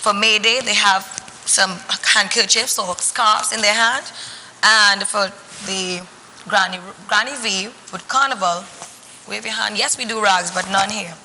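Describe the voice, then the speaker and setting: A woman's voice: medium pitch, unhurried, pushed and bright, long reverb tail, a little hiss or hum, low-quality recording. A woman reading a picture book to children and asking them questions in a teacherly way. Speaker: children's storyteller.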